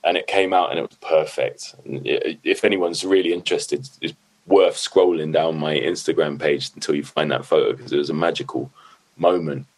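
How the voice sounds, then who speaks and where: A middle-aged man, telling stories as a guest in a loose, animated way, swearing freely and leaning on "like" and "you know what I mean". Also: rumbling low, moderate pace, slightly rough. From London. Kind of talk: casual storytelling.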